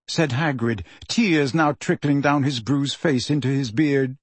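A man narrating an audiobook story in a slow, expressive storytelling manner. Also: mid-range voice, husky, no echo. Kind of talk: scripted narration.

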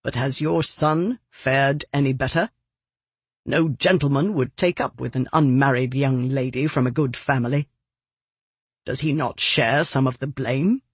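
An audiobook reader voicing a middle-aged gentleman father who speaks in a tight, defeated, subdued way. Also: mid-range voice, very animated, slow pace, long pauses, husky, no echo, heavily acted.

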